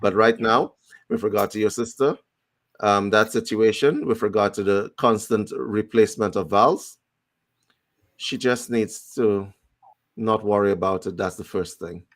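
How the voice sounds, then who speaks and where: A man with a fairly low voice speaks calmly on a video call. He guides and asks questions with a gentle, even manner. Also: a little slow. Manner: calm, guiding, asks questions. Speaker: healer guest. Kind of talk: casual chat.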